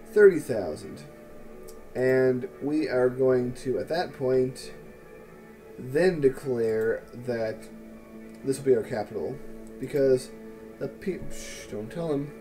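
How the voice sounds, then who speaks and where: A man's voice: mid-range voice, takes it slowly, pauses often, dark tone, faint music behind. A man casually commenting on his city-building game in a wry, sarcastic, musing way. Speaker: let's play host.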